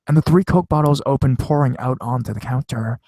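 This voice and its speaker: A man's voice: medium pitch, fairly quick, warm tone. Casual man reading horror stories. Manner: casual, profane, conversational. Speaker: horror story narrator. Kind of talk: reading viewer-submitted scary stories.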